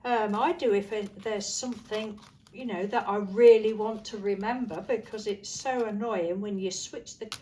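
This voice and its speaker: A woman's voice: medium pitch, fairly even intonation, normal speed, warm tone, slight background noise, low-quality recording. A British woman chatting casually as she shows her crafts, rambling and cheerful. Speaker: craft vlogger. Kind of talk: casual chat while crafting.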